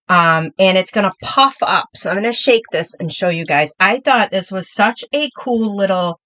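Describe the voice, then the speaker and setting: A woman's voice: mid-range voice, fairly bright tone, no room sound, rough recording. A middle-aged woman hosting a live crafting demo, chatty and upbeat, talking through each step while she works.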